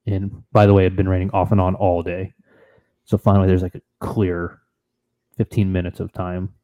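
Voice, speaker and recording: A man co-hosting a podcast, telling a trip story in an animated, excitable, casual way. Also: sits low, moderate pace, narrow, tinny audio. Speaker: podcast co-host.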